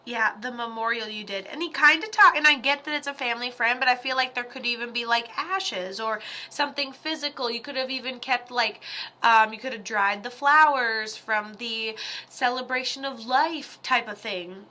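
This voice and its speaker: A woman giving live psychic readings on a stream, chatty and rambling, with quick asides and quoted voices. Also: on the high side, bright, forceful tone. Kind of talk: casual livestream readings.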